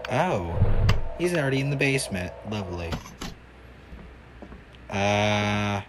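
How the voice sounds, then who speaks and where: A man's voice: on the low side, very animated, slow, very noisy. A man giving casual gaming commentary, reacting with dry sarcastic remarks. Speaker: gamer.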